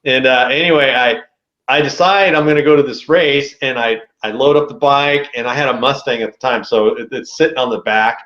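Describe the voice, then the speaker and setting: A man as a podcast guest telling a story in a casual, animated way, with a lot of slang. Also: medium pitch, a little fast, reverberant, muffled recording.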